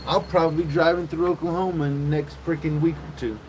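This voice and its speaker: A man's voice: fairly high pitch, steady tone, quick pace, few pauses, a little hiss or hum, poor audio. A man hosting a casual livestream, telling crude rambling stories and chatting with viewers. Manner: crude, rambling storyteller with loud acted quotes. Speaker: livestream host.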